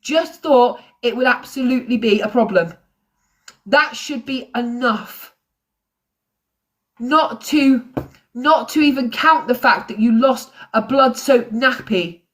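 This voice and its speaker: A woman's voice: a little high, takes it slowly, a bit bright. Angry woman ranting on a livestream. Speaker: true crime host. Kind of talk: live-stream commentary.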